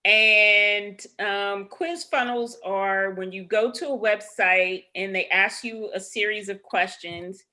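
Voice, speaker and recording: A woman's voice: mid-range voice, bright, forceful tone. A woman guest who explains things in a friendly, matter-of-fact way during a casual chat.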